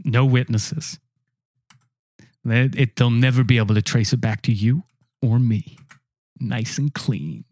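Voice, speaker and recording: A man co-hosting a comedy podcast, with a dry, deadpan delivery in improvised bits. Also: mid-range voice, a little slow, long pauses, dry recording. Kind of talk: improvised comedy sketch and chat.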